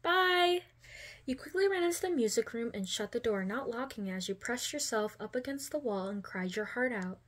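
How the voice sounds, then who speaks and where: A woman hosting a channel and reading a second-person fan story aloud in a plain, steady storytelling voice. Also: fairly high pitch, moderate pace. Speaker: fanfiction reader.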